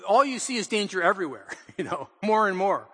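An older man, a pastor, telling family stories in a lively sermon, acting out quotes and laughing often. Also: high-pitched, a little fast, slightly rough, in a large hall. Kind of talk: storytelling sermon. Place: church in Portland.

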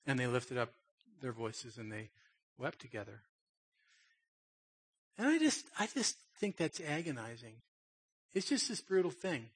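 This pastor's voice is fairly high and sing-song, a bit bright with a breathy edge, moving at a measured pace with frequent pauses. Reading scripture during his sermon, he talks emphatically and conversationally, regularly asking his listeners "okay?"

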